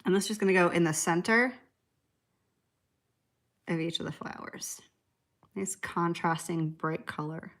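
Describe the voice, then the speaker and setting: A woman's voice: lowish voice, unhurried, pauses often, fairly bright tone. A woman hosting a live nail art tutorial, chatting casually, answering viewer comments and laughing easily. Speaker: nail art livestream host.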